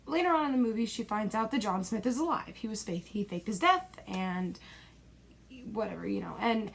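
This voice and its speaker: A woman's voice: mid-range voice, vocal fry, husky. A young woman in a rambling, exasperated movie-review rant, packed with fillers and dismissive asides, recorded at home.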